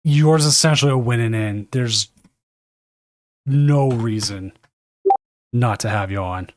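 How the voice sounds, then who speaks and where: Unhurried and mid-pitched, this man's voice comes through with no echo. He hosts and casts a card game tournament live from his desk at home, talking loosely, rambling and catching his own mistakes.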